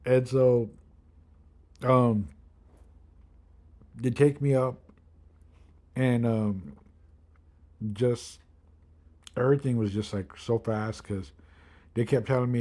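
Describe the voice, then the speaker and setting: A man in his thirties telling a long personal story in a loose, rambling way, full of fillers. He livens it up by acting out quotes from the people around him. His voice is mellow, sitting at an ordinary pitch. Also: steady tone, slow pace, long pauses. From Milwaukee area. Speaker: kidney transplant patient.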